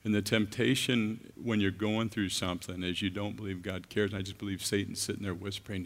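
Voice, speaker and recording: Gravelly-voiced male preacher in a hall. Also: fairly low pitch, steady tone. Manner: earnest, halting with repeated restarts. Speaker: guest preacher. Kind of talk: sermon. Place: church. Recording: long reverb of a large hall.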